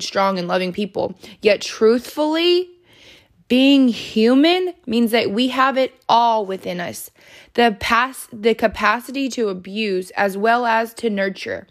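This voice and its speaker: A woman hosting a self-help podcast, earnestly encouraging the listener and reading passages aloud from a book. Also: fairly high pitch. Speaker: podcast host.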